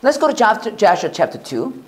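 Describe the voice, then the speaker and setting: A pastor with a Korean accent preaching a sermon, animated and often checking with the audience. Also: male voice, high-pitched, moderate pace. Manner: animated, repeats and restarts, asks the audience "right?".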